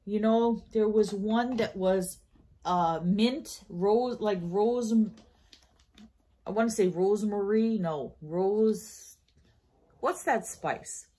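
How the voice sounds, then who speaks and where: A woman's voice: mid-range voice, takes it slowly, dark tone. A tired woman with a New York accent, rambling through a casual shopping haul vlog with lots of fillers and self-corrections. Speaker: haul vlogger.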